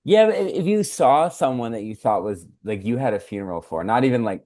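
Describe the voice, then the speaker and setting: A man's voice: fairly low pitch, animated, brisk, hardly any pauses, dark tone, dry recording, studio quality. A man co-hosting a podcast, recapping a film in casual chat with lots of fillers and acted-out quotes. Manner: rambling recap with many fillers. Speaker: podcast co-host.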